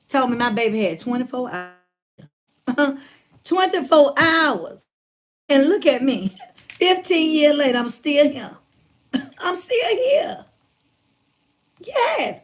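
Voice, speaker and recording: A motivational speaker telling a personal story in a casual, folksy way, retelling conversations and calling listeners by name, still getting over a chest cold. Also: female voice, high voice. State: recovering from chest cold, congested breathing. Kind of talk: casual testimony talk.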